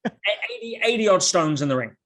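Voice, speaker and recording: A man talking as a guest on a podcast, telling stories in an animated way with rhetorical questions and quick restarts. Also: sits high. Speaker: podcast guest, motivational speaker. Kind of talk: podcast conversation.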